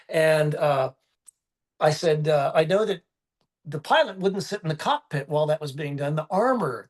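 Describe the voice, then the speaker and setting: A man guest on an interview, telling stories in a casual, animated way and acting out the dialogue he quotes, over a phone or video call. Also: fairly high pitch. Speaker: guest artist.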